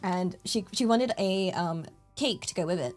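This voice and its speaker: A woman's voice: on the low side, moderate pace, soft background music. A young British woman streaming, chatting casually in a giggly way full of fillers. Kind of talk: casual chat.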